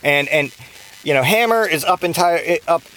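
A man with a slightly higher-pitched voice recaps a movie on his podcast. He rambles loosely, swears constantly and trips over fillers and restarts. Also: lively intonation, moderate pace, a bit bright, poor audio. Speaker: podcast host. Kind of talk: casual profane movie recap.

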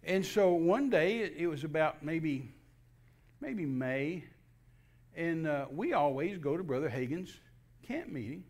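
At a measured pace and on the high side, an older man from Texas, a guest minister, relates his personal testimony. He tells it folksily, quoting and acting out dialogue with animation and restarting over and over.

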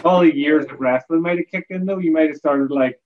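A man's voice: on the high side, brisk, dull audio. A man hosting a casual chat, telling bar stories with wry, amused disbelief.

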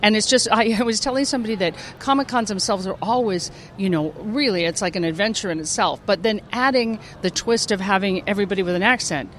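A woman's voice: medium pitch, quick pace, few pauses, a bit bright, a little hiss or hum. A woman voice actress being interviewed outdoors at a convention, chatting and laughing, acting out quotes as she tells stories. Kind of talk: casual interview chat.

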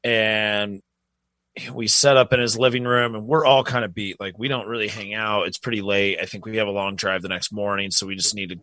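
A man's voice: fairly low pitch, steady tone, a little fast, sharp tone, dry recording. A young man co-hosting a podcast, telling a story in a laid-back, rambling way with lots of fillers. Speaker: podcast co-host. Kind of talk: casual storytelling chat.

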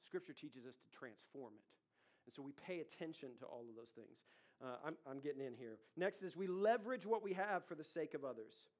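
A man's voice: a little high, expressive, fairly quick. A pastor in his thirties preaching a sermon in a conversational way, with asides to the congregation. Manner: conversational preaching with audience asides and acted quotes.

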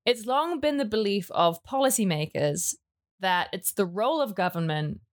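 A woman co-hosting a casual podcast, with a pitch that swings up and down a lot. She teases her co-host in a dry, playful way. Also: expressive, normal speed. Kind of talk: casual chat.

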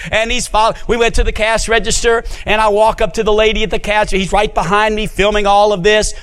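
A man with a high, light voice preaches as a pastor, telling stories from his own life. He often repeats a word as he starts a phrase and sinks into a low, hushed tone for solemn points. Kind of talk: sermon with personal stories.

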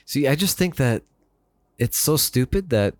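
A man co-hosting a casual political podcast, talking in lively, quick back-and-forth. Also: mid-range voice, dry recording. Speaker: podcast co-host.

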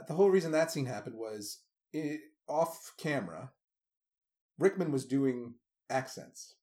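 A man co-hosting a casual movie chat, animated and slipping into mock voices when he quotes scenes. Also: medium pitch. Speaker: podcast co-host.

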